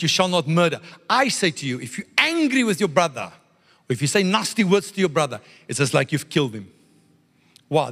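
A man preaching a sermon to a congregation as pastor, animated and playful, with call-and-response asides. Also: a little high, in a large hall.

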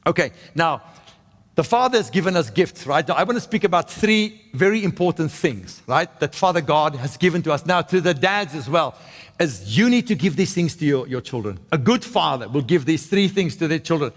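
A man's voice: a little high, lively intonation, brisk, long reverb tail. A man preaching a sermon in a conversational way, often checking in with "right?" and restarting his sentences. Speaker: pastor.

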